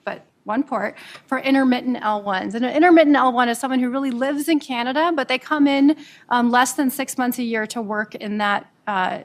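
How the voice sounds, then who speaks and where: A woman from Nebraska, an immigration attorney, presenting a webinar quickly with frequent "um"s and repeated words. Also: on the high side. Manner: fast-talking, with frequent fillers and repeated words. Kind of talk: professional presentation.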